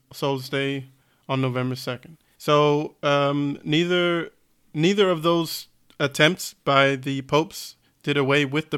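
A man's voice: medium pitch, fairly bright tone, clean tone. Man casually reading out fun facts. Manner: reads facts aloud with hesitations and self-corrections. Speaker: podcast co-host. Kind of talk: casual chat.

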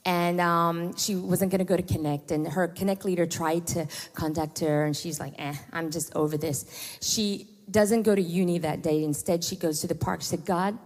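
A middle-aged woman pastor, preaching a sermon with lively storytelling asides. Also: on the low side, normal speed. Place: church hall. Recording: long hall reverb.

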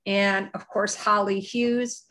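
A woman's voice: medium pitch, fairly even intonation, takes it slowly, fairly bright tone. Woman, podcast co-host, casual chat, effusive, gushing.

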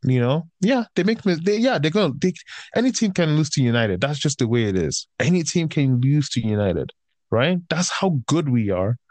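A man's voice: on the high side, big pitch swings, moderate pace, a little mellow, no echo. A man ranting in casual chat, heated and profane, swinging between raised outbursts and tired, fed-up grumbling.

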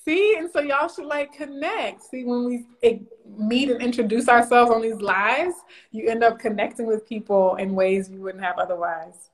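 A bubbly woman hosts a casual live stream. Her voice sits a touch high, and she laughs often as she greets viewers by name. She talks into a phone or computer mic. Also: normal speed. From Louisiana, USA.

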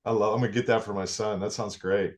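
A man's voice: fairly low pitch, steady tone, quick pace. A man hosting a podcast, chiming in agreeably and asking questions. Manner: agreeable, eager interjections. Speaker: podcast host. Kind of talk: casual podcast interview.

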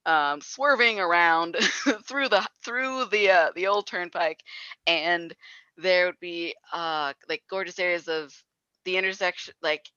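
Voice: mid-range voice, unhurried, sharp tone, clean tone, no echo, highs cut off. An interview guest from New Jersey chatting casually, rambling through memories with lots of fillers and laughs.

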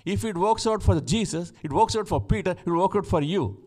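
A man's voice: high voice, expressive, fairly quick, a little mellow. A man preaching a sermon, emphatic, repeating his key lines and asking the congregation questions as he explains scripture.

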